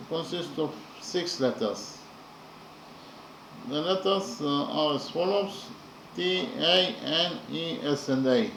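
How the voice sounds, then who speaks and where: A man teaching a lesson on a poem, speaking haltingly with frequent pauses and spelling out letters one at a time. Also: on the high side, creaky, fairly bright tone. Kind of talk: slow spoken lesson. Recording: echoey room with faint background noise.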